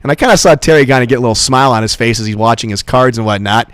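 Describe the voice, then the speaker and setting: A man's voice: medium pitch, racing, fairly bright tone, no echo. A man hosting a radio show, chatty and enthusiastic, telling stories to his guest. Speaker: radio host. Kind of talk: casual radio interview.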